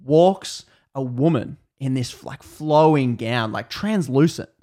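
Man, casual storyteller, rambling, self-correcting, middle pitch, chatty podcast talk. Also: lively intonation, slow pace, mellow. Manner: rambling, self-correcting, laughs at own jokes.

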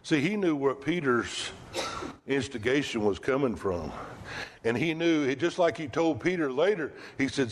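A man's voice: a little high, animated, moderate pace, slight background noise. A male preacher delivering a sermon in a conversational way, asking the congregation rhetorical questions.

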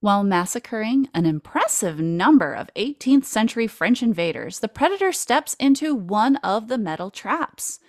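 Woman host, casual film recap, playful and jokey, animated pitch, dry sound. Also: moderate pace, hardly any pauses, dry recording. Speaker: podcast host.

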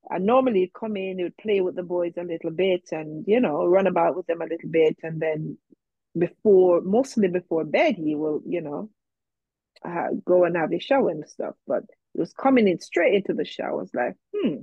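A woman's voice: on the low side, animated, fairly quick, slightly rough, no room sound, phone-quality sound. A woman guest in an interview, telling a personal story in a reflective way, with many fillers, and quoting herself and others.

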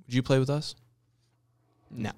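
A man's voice: mid-range voice, steady tone, measured pace, dark tone. A young man co-hosting a casual podcast chat, blunt and swearing freely. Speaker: podcast co-host.

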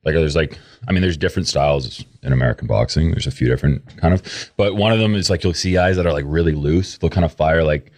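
A man's voice: a bass voice, fast, hardly any pauses, a little mellow. A man co-hosting a podcast, explaining fighting technique at length in casual chat and filling his talk with "like". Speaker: podcast co-host.

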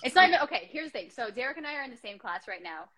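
Host, female, bright sharp tone, chatty, lots of "like", on a call. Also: a little high, big pitch swings, racing. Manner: chatty, heavy use of "like". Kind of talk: casual interview chat.

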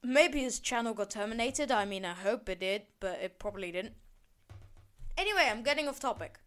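A woman's voice: on the high side, lively intonation, fairly quick, fairly bright tone. A teenage girl hosting her own podcast, rambling and sarcastic, swearing and backtracking as she rants. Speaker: podcast host. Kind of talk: casual solo podcast rant.

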